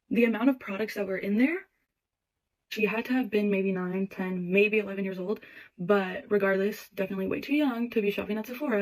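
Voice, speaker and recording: A woman's voice: mid-range voice, rough recording. A young woman who works at a store register, telling a casual storytime and acting out the people in it with frank, swearing asides. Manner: animated, quotes people in quick voices, swears freely. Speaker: retail cashier telling a story.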